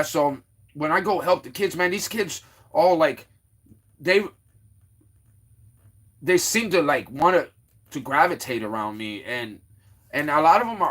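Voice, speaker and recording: A livestream host in Florida speaks with a fairly bright voice on the high side. He greets and teases viewers in the chat during a casual stream, rambling with lots of fillers and restarts.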